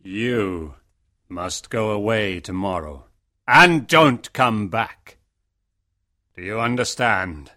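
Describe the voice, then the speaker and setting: A man voicing a huge, stern male beast in a storybook reading, speaking slowly and heavily with a commanding manner. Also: fairly low pitch, expressive, sharp tone, exaggerated voice. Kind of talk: storybook audio acting.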